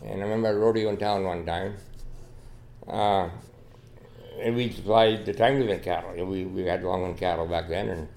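A man's voice: sits low, steady tone, normal speed, creaky, darkish tone, a little hiss or hum. An older man, a podcast guest, telling a long, rambling story in a folksy way. He restarts often and keeps saying "you know.". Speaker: podcast guest, dog trialer. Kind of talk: casual storytelling interview.

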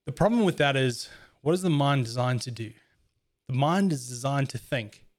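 This is a man in casual conversation who talks in an earnest, reflective manner. He tells his stories at an even, everyday pitch and thinks them through aloud as he goes. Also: normal speed. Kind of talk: casual chat.

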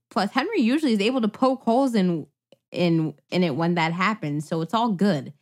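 Giggly podcast co-host woman, lively voice. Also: medium pitch, moderate pace. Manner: giggly, reads listener reviews aloud with playful asides. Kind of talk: casual chat.

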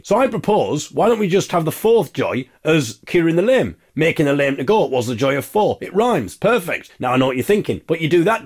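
A man's voice: a little high, a little mellow. A man, a podcast host delivering a comic monologue with exasperated, wry ranting.

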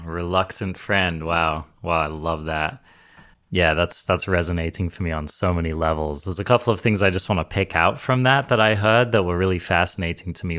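A man's voice: deep voice, fairly bright tone. A man hosting a podcast interview, thoughtful and appreciative, who reflects back what his guest has said. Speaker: podcast host. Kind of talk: conversational interview.

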